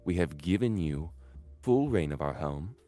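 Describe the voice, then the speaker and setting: Low-voiced man running a tabletop game. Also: normal speed, soft background music. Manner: animated, jumps into loud bursts for characters. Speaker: dungeon master. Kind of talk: narrating a tabletop game, voicing characters.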